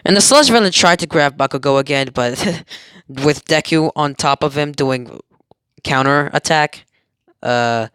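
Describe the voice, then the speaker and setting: A man's voice: a little high, measured pace, smooth, no room sound, studio quality. A young man casually retelling an anime plot as a fan, rambling and often correcting himself. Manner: rambling, self-correcting, excitable. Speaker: fan storyteller.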